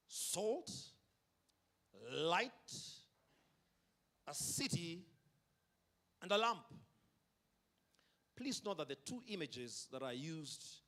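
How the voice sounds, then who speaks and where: A man with a fairly high, fairly bright voice gives a sermon at a concert. He leans hard on his words, drawing out the key ones, and leads the audience in repeating his lines.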